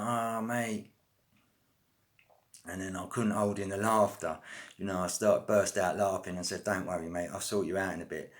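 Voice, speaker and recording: A middle-aged man telling a rambling story from his past, casual and full of slang and fillers. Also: sits low. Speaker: vlogger telling prison stories.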